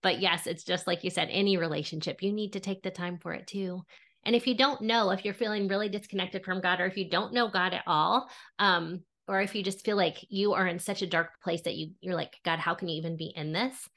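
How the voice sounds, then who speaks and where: A woman's voice: medium pitch, fairly even intonation, a little fast, a bit bright. A woman author and Bible teacher, a guest on a faith podcast, speaking in an earnest, encouraging way.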